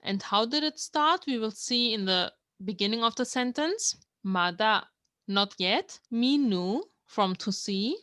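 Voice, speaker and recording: Slow-spoken woman. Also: a little high, animated, a bit bright, dry recording. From Germany. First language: German. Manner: patient, explains words one by one, reads lines aloud. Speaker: language learner teaching viewers. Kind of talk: explanatory language lesson.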